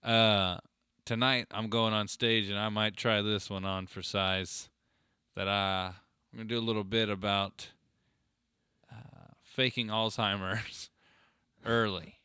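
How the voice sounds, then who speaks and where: A man's voice: fairly low pitch, flat delivery, takes it slowly, sharp tone, smooth, dry recording, studio quality. A man co-hosting a podcast in casual banter, joking and laughing often, sometimes slipping into silly voices. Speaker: podcast co-host.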